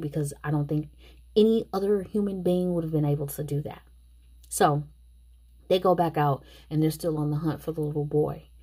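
Low-voiced woman recapping a movie. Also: mellow, slightly rough. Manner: chatty, opinionated, talks to the viewers. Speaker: movie reviewer. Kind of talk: casual spoken movie recap.

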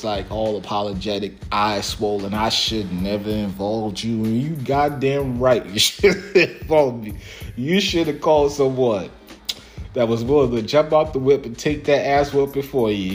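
A man's voice: mid-range voice, darkish tone. A man casually telling a profane, laughing story about a friend and his first car. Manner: profane, laid-back and laughing.

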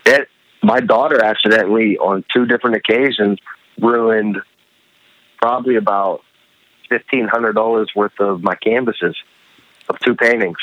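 A man, a guest artist, chatting casually over a headset call, talking haltingly with frequent restarts. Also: on the low side, no room sound, highs cut off. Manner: halting, stammering, lots of restarts. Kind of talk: casual chat.

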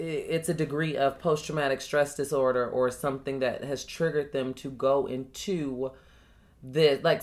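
A woman co-hosting a casual podcast, frank and opinionated, swearing casually as she makes her points. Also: deep voice. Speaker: podcast co-host.

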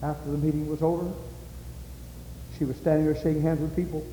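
A man preaching a sermon with impassioned delivery, building to loud climaxes. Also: on the high side, flat delivery, fast, a little hiss or hum. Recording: echoey hall with faint ambience.

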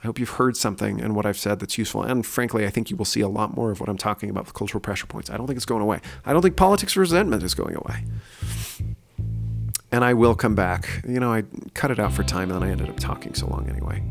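A man's voice: lowish voice, lively intonation, fast, gravelly, faint music behind. A man hosting his own opinion podcast, talking earnestly and thinking aloud with frequent fillers. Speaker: podcast host. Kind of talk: solo opinion podcast monologue.

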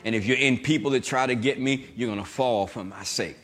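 A male pastor preaching a lively sermon, reading scripture slowly with emphasis and tossing call-and-response asides to the congregation. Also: medium pitch.

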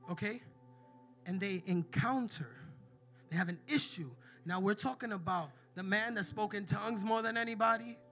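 High-voiced bright male preacher. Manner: emphatic, calls out to the congregation. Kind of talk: sermon.

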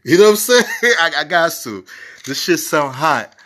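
Bright-voiced man hosting a music review show. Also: on the high side, very animated, normal speed. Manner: profane, rambling, enthusiastic. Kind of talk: casual music review monologue. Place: home recording setup.

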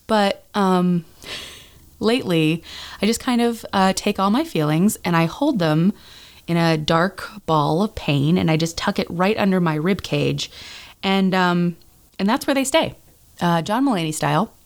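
A woman in her thirties hosting a podcast, talking in a loose, rambling way full of fillers and self-corrections. Her voice sits a little low for a woman, and she pokes fun at herself as she goes. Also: expressive, a little slow. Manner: chatty, self-deprecating, rambling with lots of fillers and restarts. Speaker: podcast host. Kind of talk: casual chat.

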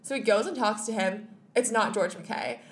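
A woman's voice: mid-range voice, moderate pace. A young woman co-hosting a casual podcast chat, telling stories with sarcasm and frequent swearing. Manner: sarcastic, profane storytelling. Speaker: co-host, entertainment reporter.

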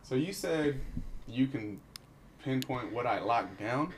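A man co-hosting a casual podcast who teases his co-host and fills pauses with ums. His voice sits at a middle pitch, and a faint background noise runs under it. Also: animated. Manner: playful, teasing, filler-heavy. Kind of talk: casual chat.

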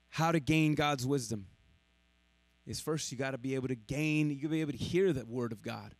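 A man preaching a sermon, swinging from loud emphatic lines to hushed, slow ones. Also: fairly high pitch, dry recording. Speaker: pastor.

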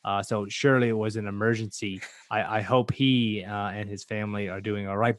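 A man's voice: on the low side, fairly even intonation, a little fast, few pauses, no room sound, studio quality. A man hosting a casual podcast, joking and rambling with lots of fillers. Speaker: podcast host.

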